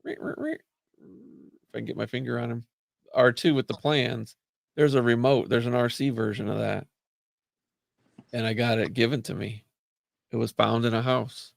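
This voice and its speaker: A man in casual chat, telling rambling, animated stories and cursing freely. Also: medium pitch, normal speed, vocal fry, pauses often, no room sound, studio quality.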